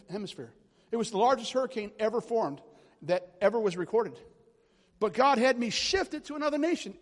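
High-voiced preacher man in a reverberant hall. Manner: animated, rambling storyteller addressing congregation. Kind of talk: charismatic sermon storytelling.

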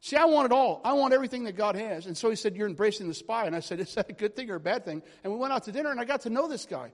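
A man's voice: high-pitched, racing. A man preaching a charismatic sermon, telling stories animatedly and checking in with the congregation. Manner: animated, rambling storyteller addressing congregation. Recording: long hall reverb.

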